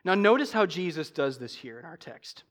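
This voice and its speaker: A man preaching a sermon as pastor, emphatic, swinging from loud stresses to low asides and slowing sharply on repeated refrains. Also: sing-song.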